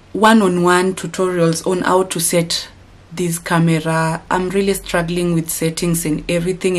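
A woman from Kenya vlogging to her camera, upset and rambling with restarts. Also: lowish voice. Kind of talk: casual vlog to camera. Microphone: camera mic.

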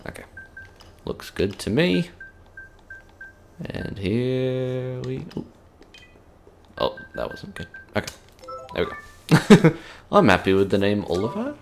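A man's voice: medium pitch, huge pitch swings, slow pace, long pauses, faint music behind. A man giving casual, jokey gameplay commentary, laughing often and reading game text aloud.

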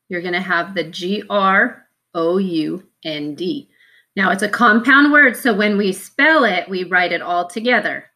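Woman teacher, bright clear tone, lowish voice, patient spelling lesson, sounds out syllables. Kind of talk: spelling lesson to young students.

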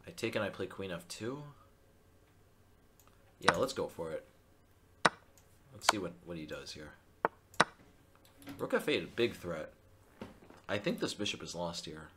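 A male chess streamer thinking aloud through his live game, excitable and self-mocking. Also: low voice, background noise.

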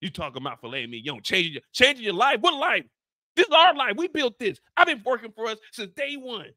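A man voicing a hurt, stubborn middle-aged husband who complains in a low, wounded voice. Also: sing-song, fairly quick, bright, forceful tone, dry recording, clean studio sound, exaggerated voice.

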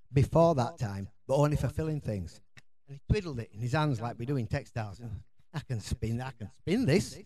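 A man's voice: medium pitch, dark tone. A middle-aged Yorkshire man gives a conference talk in a chatty, informal way. He rambles, restarts his sentences and fills gaps with ums and uhs. His Yorkshire accent is plain throughout. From Yorkshire, England. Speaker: conference speaker.

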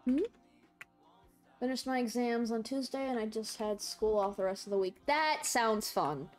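Her voice is a little high and moves at a moderate pace, with faint music in the background. A young adult college student, she chats casually through a game stream, laughing frequently and reading out and answering what viewers type.

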